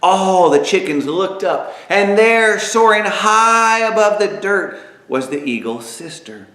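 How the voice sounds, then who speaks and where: A man narrating an inspirational story aloud, dramatic and lively, with spoken sound effects. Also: high-pitched, slow pace. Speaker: author and narrator. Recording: echoey room.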